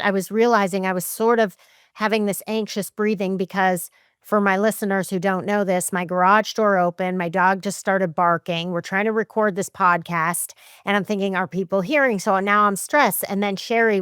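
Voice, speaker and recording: A middle-aged woman hosting a podcast, talking in a lively, chatty and emphatic way and acting out her own thoughts. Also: medium pitch, smooth, no room sound, clean studio sound. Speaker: podcast host. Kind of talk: casual podcast chat.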